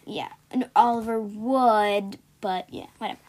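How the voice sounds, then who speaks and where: With an unhurried pace and a medium-pitched, darkish tone, a young podcast co-host reads jokes out loud on a casual show. She giggles a lot as she breaks down each punchline.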